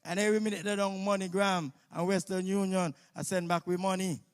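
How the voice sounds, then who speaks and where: A man with a Kittitian accent emceeing a live outdoor stage show on a stage microphone, loud and teasing. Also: sits high, flat delivery, a little fast, clean tone.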